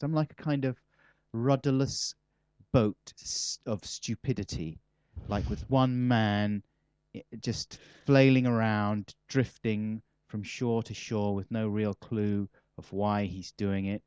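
A man with a lowish, darkish voice speaks slowly and steadily, answering interview questions casually as a comic guest in a loose, rambling, self-mocking way full of dry wit. The recording is clean, slightly dull and dry, with no room sound.

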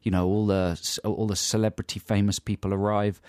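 A man's voice: lowish voice, flat delivery, a little fast, a little mellow, smooth, dry recording, studio quality. A man, co-hosting a comedy chat show and telling a long, self-mocking anecdote. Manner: rambling, self-mocking storyteller. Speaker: radio comedy co-host.

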